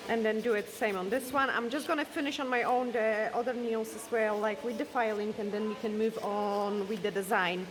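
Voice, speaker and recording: With a medium-pitched, fairly even voice, a woman talks through a nail tutorial at a moderate pace, hardly pausing. She's a nail technician whose first language is Polish, she is losing her voice, and she chats casually about each step as she works while a hair dryer runs nearby.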